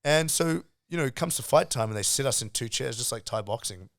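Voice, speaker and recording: A middle-aged man from South Africa, a podcast guest and martial arts coach, telling stories in a casual, animated way, swearing freely. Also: medium pitch, brisk, vocal fry, no room sound, studio quality. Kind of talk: casual storytelling chat.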